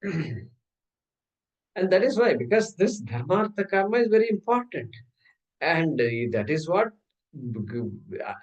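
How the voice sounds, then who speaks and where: A man's voice: a little high, muffled recording. Man teaching scripture, from a distance. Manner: explains step by step, with rhetorical questions; chants Sanskrit terms and verses. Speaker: Vedanta teacher. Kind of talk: scriptural class lecture. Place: class hall.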